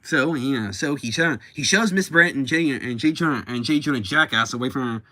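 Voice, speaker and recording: A man's voice: medium pitch, moderate pace, sharp tone. A man hosting a YouTube channel, recapping a story in a rambling, self-correcting way. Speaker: YouTube host.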